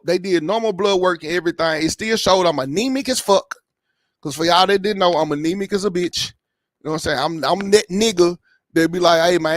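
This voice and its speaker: A man's voice: high voice, a bit bright, no echo, studio quality. A man in his thirties giving a casual personal update in a rambling, heavily profane way, often checking in with the listener. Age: 30s. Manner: rambling, profane storytelling, keeps asking "you know what I'm saying". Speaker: YouTube reaction channel host.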